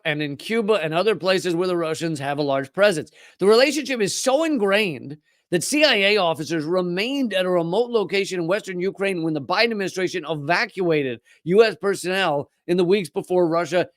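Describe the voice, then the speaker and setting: A man's voice: a bit bright, no echo. Sarcastic male political commentator, dry sound. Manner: mocking, mimics opponents in whiny high voices.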